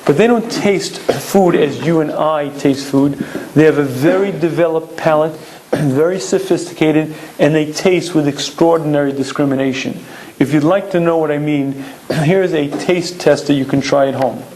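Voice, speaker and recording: A man giving a recorded Torah lecture, explaining emphatically and clearing his throat often. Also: a little high, moderate pace, a little mellow, a little hiss or hum, poor audio.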